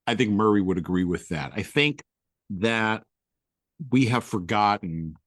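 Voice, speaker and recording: A man's voice: fairly low pitch, no room sound, studio quality. A man co-hosting a podcast, reading passages from a book aloud, then talking them over in a reflective way, often restarting his phrases. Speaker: podcast co-host. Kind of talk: reading aloud and casual commentary.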